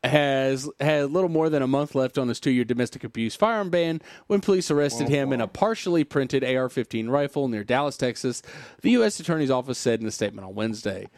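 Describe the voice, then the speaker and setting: A man's voice: mid-range voice, lively intonation, a little fast, a little mellow, no echo, clean studio sound. A man hosting a casual podcast, reading a news article aloud and breaking off for sarcastic remarks and sighs. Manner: sarcastic, wry asides and sighs.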